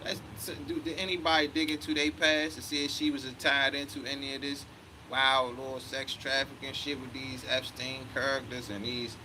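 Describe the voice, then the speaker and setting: A man's voice: mid-range voice, level tone, normal speed, background noise. A man in his thirties telling a story in a heated, profane way, often quoting himself. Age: 30s. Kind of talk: casual storytelling rant.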